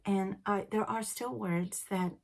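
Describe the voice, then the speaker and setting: Chatty Liverpool-born woman with a gravelly voice. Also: medium pitch, a little slow. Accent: Liverpool English softened by decades in Canada. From England, Liverpool. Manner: chatty and rambling, with laughs and excited asides. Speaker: knitting podcast host. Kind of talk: casual chat.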